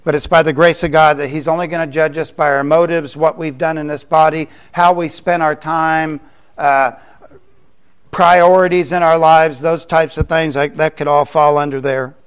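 A man's voice: on the high side, fairly even intonation, normal speed, clear, resonant tone. An older man from Florida, preaching a sermon in a conversational way, with joking asides. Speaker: pastor.

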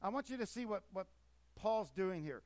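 A pastor preaching a sermon with emphatic force that rises and falls. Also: male voice, sits high, expressive, moderate pace, darkish tone, no echo.

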